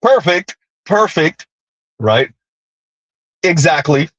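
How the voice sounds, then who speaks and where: High-voiced man ranting on camera. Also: slow, dry recording, highs cut off. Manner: animated, ranting, sarcastic asides. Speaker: commentary channel host. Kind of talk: casual commentary monologue.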